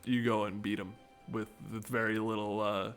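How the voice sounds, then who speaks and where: A man's voice: lowish voice, level tone, normal speed, a bit bright, faint music behind. Rambling, joking gaming commentator man. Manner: rambling, joking, self-interrupting. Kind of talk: casual let's-play commentary.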